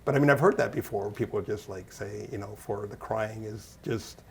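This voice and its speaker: A man's voice: lowish voice, moderate pace, creaky, a little hiss or hum. A man talking casually as an interview guest, rambling and self-deprecating, laughing often. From Canada. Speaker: interview guest, actor and musician.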